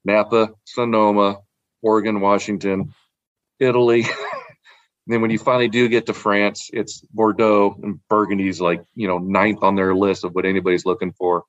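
A man's voice: on the low side, little pitch movement, normal speed, no echo, highs cut off. A man in casual chat, rambling about wine with repeated words and frequent laughs. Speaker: podcast guest, wine collector.

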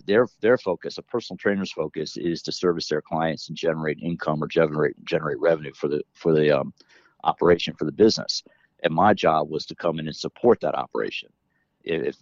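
Middle-aged male guest, very low voice, dry and slightly dull sound, loose rambling delivery. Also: dry recording. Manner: rambling, frequent restarts. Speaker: podcast guest, fitness educator. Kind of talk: casual interview conversation.

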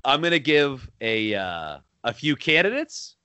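A man co-hosting a podcast, chatting casually about a film, animated and quick to laugh. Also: medium pitch, smooth, dry recording. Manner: animated, laughing, breaks into shouted bits. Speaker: podcast co-host.

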